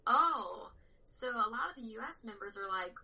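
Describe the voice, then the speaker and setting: Bright-voiced young woman with a twang. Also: a little high, moderate pace, low-quality recording. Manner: animated storyteller, laughs often. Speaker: powerlifter guest. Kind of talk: casual chat.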